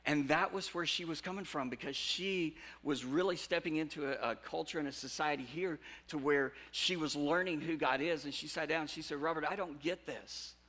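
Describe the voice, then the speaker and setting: A pastor preaches to his congregation in a conversational style, pulling listeners in with questions and shifting from loud, animated bursts to quiet, earnest stretches. His voice sits a little high, and he talks a little fast with few pauses.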